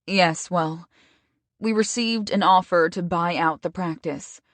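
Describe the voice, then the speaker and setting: A woman's voice: on the low side, a little slow, dry recording, lightly acted. A woman voicing a regretful law firm boss who speaks formally and apologetically while firing an employee, in an audiobook. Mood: apologetic.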